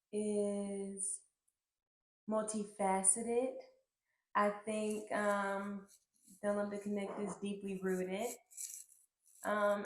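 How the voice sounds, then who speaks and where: A woman co-hosting a podcast in casual chat, talking frankly with many fillers and casual swearing. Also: mid-range voice. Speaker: podcast co-host. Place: indoor room, on a couch. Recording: echoey room, faint noise.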